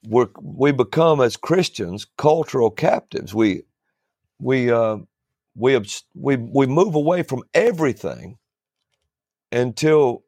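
A man who preaches, telling stories in a relaxed chat, often restarting his sentences and chuckling as he goes. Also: medium pitch, slow, no room sound, clean studio sound. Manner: rambling, starts over often, chuckles through stories. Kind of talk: storytelling in a casual panel chat.

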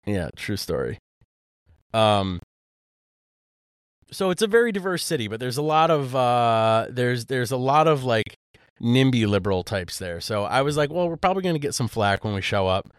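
A man co-hosting a podcast in relaxed, casual chat. He rambles and restarts often, filling pauses with "um" and "like." His voice is smooth and resonant, and it sounds close and dry. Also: mid-range voice, no room sound. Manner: rambling with many fillers and restarts. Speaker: podcast co-host.

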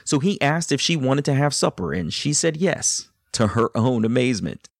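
A man hosting and narrating a documentary in a measured way, adding brief reactions while his guest talks. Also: medium pitch, lively intonation, gravelly, dry recording, studio quality. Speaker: host and narrator.

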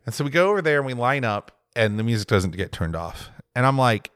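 A man's voice: medium pitch, sing-song, a little fast, a bit bright, no room sound, studio quality. A young man co-hosting a podcast, telling a rambling, reflective story in casual chat. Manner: rambling, reflective, self-interrupting. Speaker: podcast co-host.

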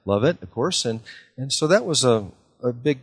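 A man's voice: medium pitch, animated, normal speed, husky. A middle-aged man from Idaho telling stories in a casual interview, rambling with frequent fillers and repeated words. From Idaho, USA. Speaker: guest, car dealer.

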